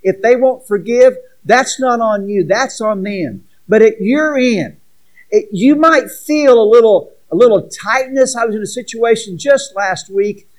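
Male pastor, high voice, earnest sermon delivery with scripture reading. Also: a little slow, poor audio. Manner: earnest preaching, reads scripture aloud with asides.

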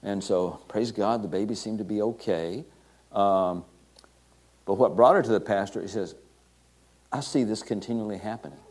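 Low-voiced man telling a sermon story. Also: darkish tone. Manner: halting, many fillers and restarts, quoting scripture. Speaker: preacher.

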